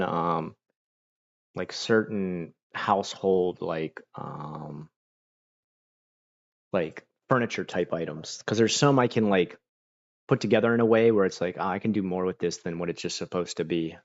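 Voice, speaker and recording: A low-voiced young man from Florida chats casually on a livestream from his home room. He reads chat, reacts with plenty of fillers, and grows animated when quoting people. The recording is muffled, with no room sound.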